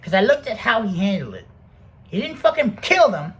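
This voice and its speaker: A man rambling through a profane, casual monologue to the camera, jumping between loud outbursts and soft mutters. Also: high-pitched, sing-song, normal speed, a little hiss or hum.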